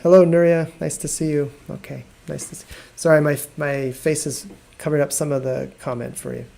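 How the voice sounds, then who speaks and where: A man teaching an English lesson on a live video stream, explaining patiently and repeating words slowly. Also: a little high, level tone, creaky, warm tone. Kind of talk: live online language lesson.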